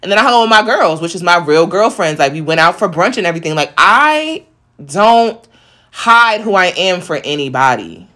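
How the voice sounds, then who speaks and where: A woman's voice: on the low side, big pitch swings, moderate pace, sharp tone. A thirty-year-old woman in casual chat, talking in a blunt, profane and emphatic way.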